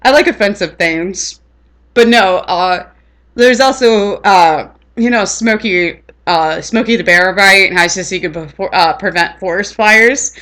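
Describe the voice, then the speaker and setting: A woman's voice: medium pitch, a little slow, a bit bright. A woman rambling in casual chat on her vlog, laughing often. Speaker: vlogger.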